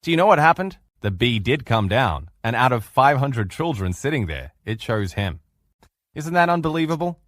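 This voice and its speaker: A man giving a motivational lecture as a relationship coach, telling stories with emphatic, lively delivery. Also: medium pitch, normal speed, no echo, clean studio sound. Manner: emphatic animated storyteller.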